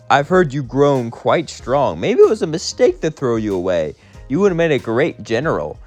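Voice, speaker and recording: A man voicing an older alien emperor who speaks in a mocking, condescending drawl. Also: medium pitch.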